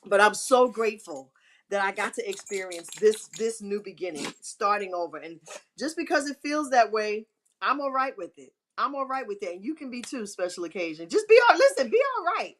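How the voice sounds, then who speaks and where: A woman's voice: medium pitch, lively intonation, normal speed, fairly bright tone. A middle-aged woman hosting a live stream, giving emphatic, repetitive, churchy encouragement. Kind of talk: inspirational live-stream talk.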